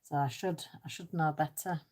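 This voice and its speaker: A woman's voice: deep voice, steady tone, normal speed, darkish tone. A woman chatting casually during a colouring live stream, reading out and answering viewers' comments with easy, self-deprecating humour. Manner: self-deprecating, laughs easily. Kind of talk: casual chat while colouring.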